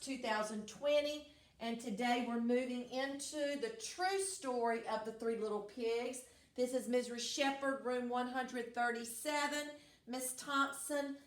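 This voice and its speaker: Woman teacher, cheerful sing-song lesson delivery, slow and unhurried, echoey room sound. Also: sits high. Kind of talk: recorded class lesson with songs.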